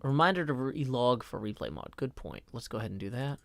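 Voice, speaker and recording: A man in his thirties chats casually on a live game stream in a medium-pitched, expressive, gravelly voice with a fairly bright tone. He's scattered and quick to break into mock-indignant outbursts.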